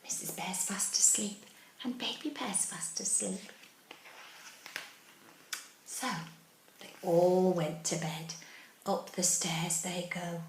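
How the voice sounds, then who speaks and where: A woman teacher reading a picture book aloud to young children, animated, asking them questions and dropping into whispers. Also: lowish voice, takes it slowly, long pauses. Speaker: early-years teacher. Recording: roomy echo.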